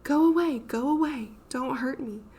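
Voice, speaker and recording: A woman voicing a terrified ghost child who screams and sobs pleas in the dark. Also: medium pitch, moderate pace, creaky, breathy edge, full character voice. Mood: terrified shrieking.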